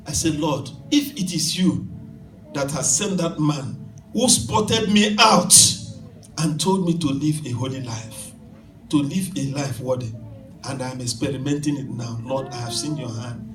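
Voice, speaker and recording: A man preaching an emphatic sermon and telling a story to a congregation, sometimes rising to shouts. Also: medium pitch, measured pace, slight background noise. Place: church hall. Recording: echoey hall from far off.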